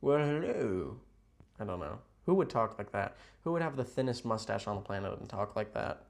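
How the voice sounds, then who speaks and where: A man chatting casually with viewers on a livestream from a hotel room, rambling, playful and sarcastic, jumping between loud outbursts and mutters. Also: lowish voice, animated, brisk, vocal fry. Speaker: livestream host.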